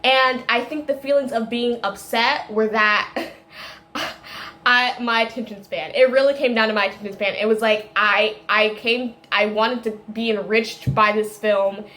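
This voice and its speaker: A woman with a somewhat high-pitched voice talks through a film review in a loose, rambling way. She keeps circling back, restarting sentences and tossing in little laughs as she goes. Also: steady tone, unhurried, sharp tone. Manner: tangent-prone, chatty, frequent fillers and self-corrections; laughs often while talking. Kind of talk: casual rambling monologue.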